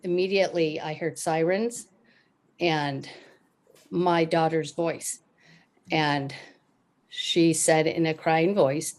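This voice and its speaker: Woman with a really low voice talking slow about a scam call. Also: fairly even intonation, a little mellow. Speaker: scam victim giving testimony. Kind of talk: recorded testimony.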